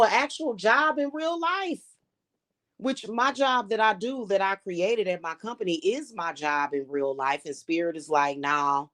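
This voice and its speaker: A woman's voice: on the low side, dry recording. A woman hosting a casual livestream as a spiritual reader, telling stories in a blunt, profane and emphatic way.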